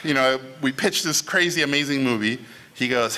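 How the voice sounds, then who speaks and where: A man on a panel at an expo, telling behind-the-scenes stories with lively, animated delivery, swearing casually and acting out what others said. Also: mid-range voice, moderate pace, background noise. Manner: lively, swears casually, acts out quotes in voices. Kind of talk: animated storytelling on stage.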